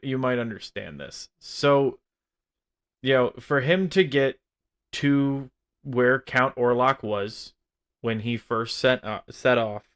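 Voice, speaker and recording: A man's voice: medium pitch, fairly bright tone, smooth. A man co-hosting a casual film review chat, rambling and swearing freely as he airs his gripes. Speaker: film podcast co-host.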